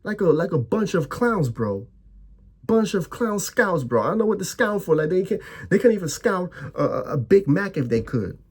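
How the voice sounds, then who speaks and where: A man's voice: high voice, sing-song, moderate pace, darkish tone, breathy edge. A young man ranting as a football fan, heated and profane, stammering over his restarts.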